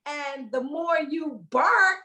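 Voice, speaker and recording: A woman comedian in casual conversation, talking in an animated way and acting out little voices as she explains. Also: high voice, slow, slight background noise, rough recording. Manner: animated, acts out voices and sounds. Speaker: comedian, guest. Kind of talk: casual chat.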